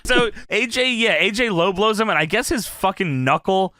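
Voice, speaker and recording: A man chatting casually as a podcast co-host, excitable, swearing a lot and laughing often while recapping a match. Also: sits high, normal speed, noisy background. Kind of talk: casual wrestling commentary chat.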